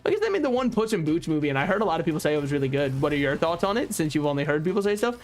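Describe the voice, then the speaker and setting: A man's voice: a little high, big pitch swings, very fast. A man streaming a video game, rambling and joking in casual commentary and often laughing at his own remarks.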